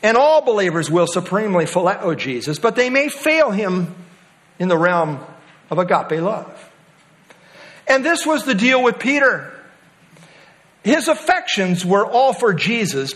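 A man's voice: high-pitched, very animated, measured pace, a bit bright. A man preaching a sermon to his congregation, explaining scripture in an emphatic, expository way. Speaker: pastor.

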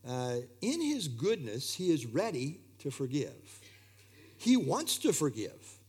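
A man's voice: on the high side, huge pitch swings, takes it slowly, a little mellow, husky. A man preaching an expository sermon, earnest and emphatic, often repeating key phrases.

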